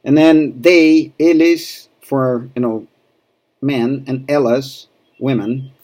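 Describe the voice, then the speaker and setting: Speaking slowly with fairly even intonation, this Rio de Janeiro native has a medium-pitched, slightly mellow voice and a Brazilian accent. He teaches Portuguese in English, patiently repeating words so learners can practice.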